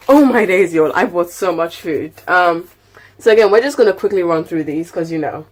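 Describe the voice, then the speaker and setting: A woman's voice: fairly low pitch, slight background noise. A young woman vlogging at home, chatting through a grocery haul in a rambling, filler-heavy way. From United Kingdom. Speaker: lifestyle vlogger. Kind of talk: casual grocery haul chat.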